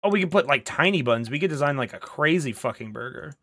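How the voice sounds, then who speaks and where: An excitable man streaming a game from his home setup, his bright, forceful voice leaping all over the place. He swears freely and swings from loud outbursts to quiet mutters. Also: fairly high pitch, fast. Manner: excitable, profane, swings between shouts and mutters. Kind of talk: casual gaming commentary.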